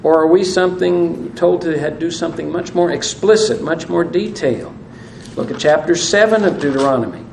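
A man delivers a sermon in a fairly high, gravelly voice, reading scripture aloud and putting questions to his listeners. The recording sounds roomy and echoey, with a faint hiss underneath. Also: fairly quick, darkish tone. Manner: asks the audience questions, reads scripture aloud. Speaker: pastor. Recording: echoey room with faint noise.

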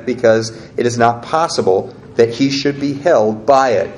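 A man's voice: mid-range voice, lively intonation, normal speed, few pauses, a little mellow. A man preaching a sermon, teaching in a conversational way and guiding listeners through the verses as he reads them aloud. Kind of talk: sermon with scripture reading.

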